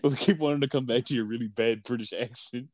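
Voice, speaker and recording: A man co-hosting a radio show, trading deadpan jokes in casual banter. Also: mid-range voice, fast talker, no echo. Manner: dry, deadpan humor. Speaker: radio co-host.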